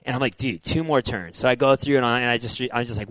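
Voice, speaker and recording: A man in his forties, a former motocross racer, telling his story in a casual podcast interview, animated and full of "dude" and "like". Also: mid-range voice, quick pace, dry recording. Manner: animated, says "dude" and "like" a lot, acts out his own past thoughts.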